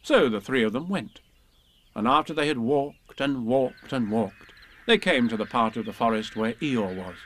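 A man reading a children's storybook aloud, gently and expressively. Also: mid-range voice, lively intonation, moderate pace.

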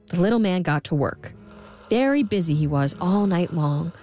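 A woman reading a fairy tale aloud in an expressive, gentle storybook style. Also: on the low side, normal speed, dry recording, soft background music. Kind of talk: storybook narration.

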